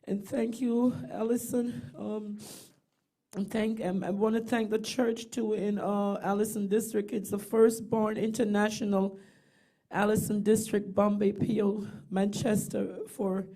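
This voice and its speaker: A woman's voice: medium pitch, little pitch movement, a little slow, dark tone. A middle-aged woman, giving tender, rambling eulogy remarks for her brother over a video call. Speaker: bereaved sister giving a eulogy.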